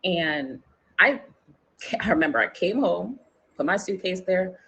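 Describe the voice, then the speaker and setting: A woman's voice: on the low side, animated, measured pace, fairly bright tone, husky, muffled recording. A woman from New York, guest in an interview, telling a personal story candidly, swearing freely and acting out quotes in a raised voice.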